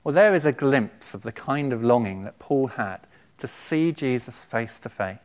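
A man delivers a sermon to his congregation in a church, speaking. His preaching is earnest and measured, with an even, mid-range pitch. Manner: earnest, measured preaching with quotations read aloud. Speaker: pastor.

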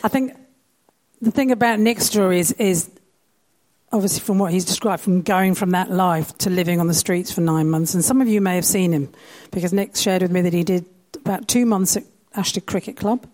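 A woman hosting an onstage interview, guiding her guest with gentle questions. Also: fairly low pitch, brisk. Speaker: host interviewing a speaker.

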